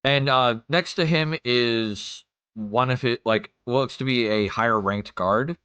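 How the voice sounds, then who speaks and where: A man's voice: medium pitch, slow, a bit bright, smooth, no echo. A man narrating as game master in a casual way, muttering to himself while he searches his files.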